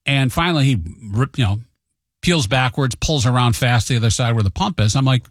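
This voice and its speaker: A chatty storyteller, this man runs through everyday anecdotes, acting out quotes in raised, lively voices and owning up to a hot temper. He talks fast at a normal middle pitch, captured close and dry without any room sound.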